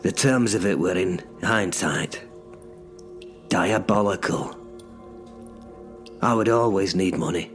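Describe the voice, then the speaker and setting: A man's voice: low-pitched, slow pace, pauses often, faint music behind. A man narrating in first person as a bitter cursed sorcerer stuck in menial work, sardonic and sweary in an audio drama. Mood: sardonic grumbling.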